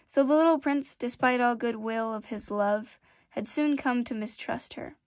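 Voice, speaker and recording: A woman with a fairly high voice reads a storybook aloud in a gentle, measured way. Her delivery is calm and steady, and the recording is dry and close, with no room echo. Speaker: storybook reader. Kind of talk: reading a classic children's novel aloud.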